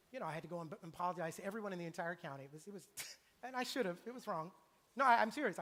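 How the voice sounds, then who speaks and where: A middle-aged man preaching a sermon in a church, animated and acting out the voices he quotes. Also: sits high. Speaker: pastor. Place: church sanctuary. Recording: long church reverb.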